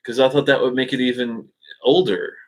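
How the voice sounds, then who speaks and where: A man hosting a casual live stream from home, thinking aloud in a halting way with many fillers and restarts, speaking into a webcam. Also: mid-range voice, fairly even intonation. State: hiccups.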